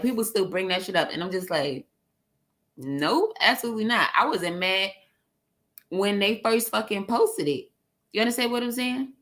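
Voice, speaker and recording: A woman with a New York accent, talking on a casual panel in a blunt, profane, laughing way. Her voice sits a little low for a woman. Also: fairly bright tone.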